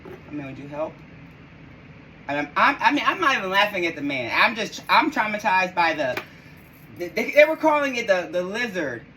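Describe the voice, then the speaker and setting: A woman's voice: medium pitch, normal speed, slight background noise, low-quality recording. A woman hosting a live podcast, exclamatory and incredulous, talking straight to her listeners. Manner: animated and incredulous. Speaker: podcast host.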